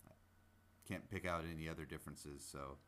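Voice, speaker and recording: Man with a Washington State accent, low voice, halting and casual, lots of fillers; accent-sample reader. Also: fairly even intonation, sharp tone, slight background noise. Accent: Washington State, between east and west of the state. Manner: hesitant, many ums and restarts. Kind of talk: recorded accent sample, chatting then reading aloud.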